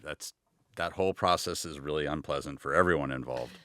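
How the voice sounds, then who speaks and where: Brief: man, podcast co-host; very low, smooth voice, dry close mic, supportive with wry asides. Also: fairly quick, a bit bright, no room sound. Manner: supportive listener with dry quips. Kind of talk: casual chat.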